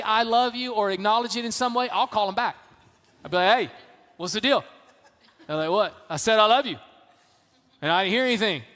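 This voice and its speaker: A man's voice: sits high, a bit bright. A middle-aged man preaching a sermon as pastor, emphatic and repetitive, often saying "man". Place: church sanctuary. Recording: reverberant church hall.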